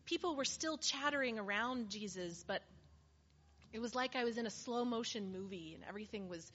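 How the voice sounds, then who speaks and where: Monologue: woman as a weary woman made whole, earnest first-person testimony, slightly high voice, muffled recording. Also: lively intonation, a little fast, fairly bright tone. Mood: heartfelt. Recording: slightly muffled with faint hiss.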